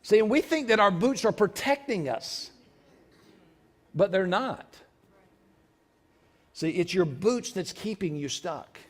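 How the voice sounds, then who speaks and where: A man preaching a sermon in church, repeating lines for emphasis and breaking into loud shouts. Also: high voice, expressive, slow pace, pauses often. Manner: preaching with sudden shouted outbursts; repetitive, emphatic delivery. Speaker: pastor. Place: church sanctuary.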